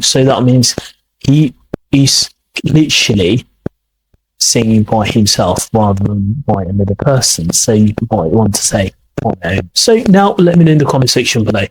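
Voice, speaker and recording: Husky man teaching English. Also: medium pitch, poor audio. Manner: explains slowly, repeating words to model pronunciation. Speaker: English teacher, podcast host. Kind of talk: accent lesson commentary.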